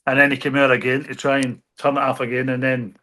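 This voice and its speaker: A Scottish man in his sixties, a former band member chatting about old tours, lively and laughing, acting out what others said. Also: mid-range voice, fast talker. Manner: lively, laughing, acts out quotes. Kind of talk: casual reminiscing chat.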